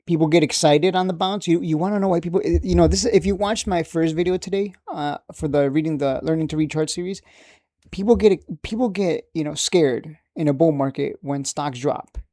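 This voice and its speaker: A man's voice: fairly high pitch, normal speed, dark tone, no room sound, studio quality. A man teaching a casual lesson on reading stock charts, talking conversationally and often asking "right?". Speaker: trading educator.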